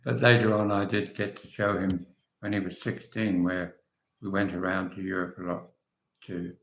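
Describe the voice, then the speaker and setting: A man's voice: sits low, little pitch movement, moderate pace, reverberant. An older English man hosting a casual livestream, chatting and answering viewers' comments by name. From England. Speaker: livestream host.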